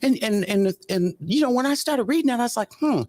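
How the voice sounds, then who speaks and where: A woman talks through court testimony in a casual commentary show. Her delivery is sassy and animated, with a pitch that swings widely. The sound is close and dry. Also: a little fast, dry recording. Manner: animated, sassy, acts out quotes with colloquial asides.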